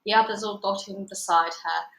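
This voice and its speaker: A woman's voice: normal speed, vocal fry. Woman reading a storybook aloud, echoey. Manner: lively, voices quoted lines with higher, louder pitch. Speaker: storybook reader. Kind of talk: read-aloud storybook narration.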